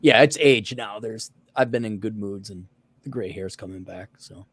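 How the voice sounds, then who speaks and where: A man's voice: on the low side, moderate pace, no room sound. A man co-hosting a casual podcast, telling stories in a profane, ranting way and acting out the people he quotes. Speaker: podcast co-host.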